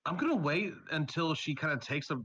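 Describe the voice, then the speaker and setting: A woman's voice: low voice, expressive, fairly bright tone, husky, dull audio. A woman playing in a tabletop game, talking casually and a little hesitantly, asking how to play. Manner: hesitant, asks questions, halting restarts. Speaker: player.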